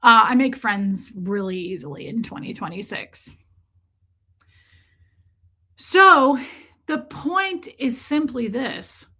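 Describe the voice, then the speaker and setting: Bright-voiced joking woman streamer. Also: on the high side, lively intonation, takes it slowly, pauses often. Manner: chatty, joking, sarcastic asides, many "like"s. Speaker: livestream host. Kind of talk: casual livestream chat. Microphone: streaming microphone.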